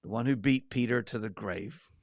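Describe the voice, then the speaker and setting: A man with a gravelly, creaky voice teaches a Bible study in a relaxed, chatty way. He gets animated and slips in side remarks. The sound is dry and close, with no room echo. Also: medium pitch, normal speed. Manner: animated, acts out quoted lines with asides.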